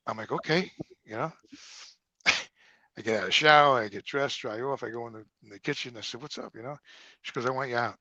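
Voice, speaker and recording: A middle-aged man with a New Jersey accent, telling profane, animated stories in a casual interview and acting out the dialogue. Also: medium pitch, a little fast, long pauses, dry recording. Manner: profane, animated storyteller who acts out quoted dialogue. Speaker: guest.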